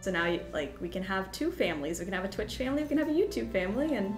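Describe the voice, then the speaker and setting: Young woman streamer, rambly and laughing a lot, echoey room, loud game music underneath. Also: mid-range voice, racing, hardly any pauses. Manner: rambling, giggly, self-deprecating. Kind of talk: casual game stream chat. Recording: roomy sound with game music.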